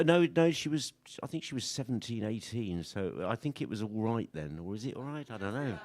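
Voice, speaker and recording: A man's voice: mid-range voice, dry recording. A man, a folk singer chatting onstage between songs, rambling and self-mocking with dry jokes. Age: 60s. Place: live music venue stage. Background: live audience and instruments.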